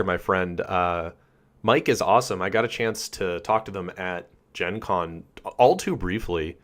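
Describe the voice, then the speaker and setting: A man hosting a casual live stream, chatting and greeting viewers by name, his voice a little rough. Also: lowish voice, unhurried. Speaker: channel host.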